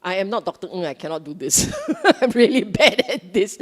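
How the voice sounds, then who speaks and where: Middle-aged Singaporean woman, animated and playful Buddhist speaker with a very lively pitch, heard in a reverberant hall. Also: normal speed. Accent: Singaporean English. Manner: animated, joking, colloquial, repeats phrases for emphasis. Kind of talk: casual Dhamma talk.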